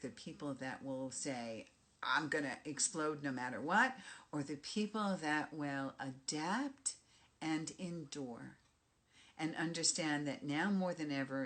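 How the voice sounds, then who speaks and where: A middle-aged woman with a New York accent, a life coach giving a direct, emphatic motivational talk. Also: a bass voice. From Bronx, New York. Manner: emphatic and direct, punches key phrases. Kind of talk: motivational monologue.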